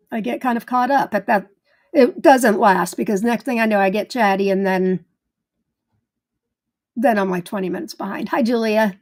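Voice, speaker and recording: A middle-aged woman hosting a live gardening stream, greeting viewers one by one in a bubbly, chatty way, excited like a cheerleader. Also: on the high side. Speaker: host of a live gardening show.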